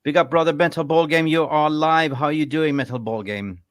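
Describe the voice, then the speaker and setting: A man's voice: a little high, steady tone, normal speed, no room sound. Upbeat male call-in host. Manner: upbeat, shouts out callers. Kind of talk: live call-in show hosting.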